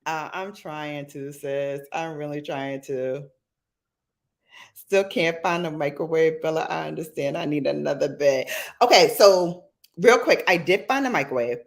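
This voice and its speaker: A middle-aged woman, hosting a casual livestream chat in a sassy, animated way that jumps to squeals. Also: low voice, measured pace. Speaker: livestream host.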